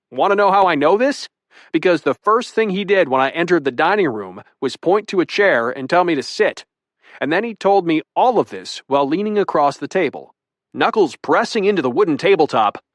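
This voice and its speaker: A man's voice: fairly high pitch, dry recording. A young man narrating a romantic comedy audiobook in first person, wry and self-deprecating. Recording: dry studio booth.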